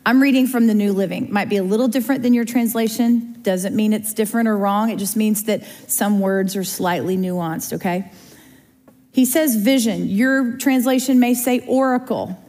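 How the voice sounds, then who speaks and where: A woman's voice: mid-range voice, normal speed, dark tone. Chatty woman teaching a Bible class. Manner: chatty, checks in with "okay?" and "right?" often. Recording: long reverb of a large room.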